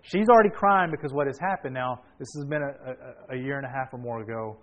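A man preaching a sermon, telling a family story with animated energy and sudden bursts of shouting. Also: medium pitch, quick pace. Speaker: pastor. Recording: dull lo-fi sound.

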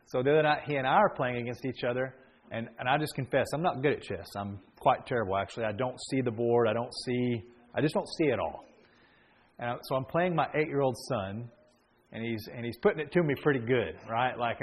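Pastor preaching a conversational sermon. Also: male voice, mid-range voice, dull audio. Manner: conversational storytelling that builds to emphatic preaching; frequent restarts and fillers.

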